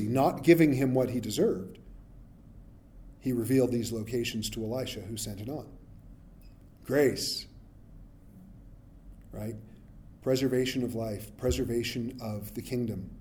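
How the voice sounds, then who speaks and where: Conversational male preacher, mellow voice. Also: mid-range voice, measured pace, pauses often, slight background noise. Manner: conversational, asks "right?" often, acts out Bible characters. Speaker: pastor. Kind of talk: sermon.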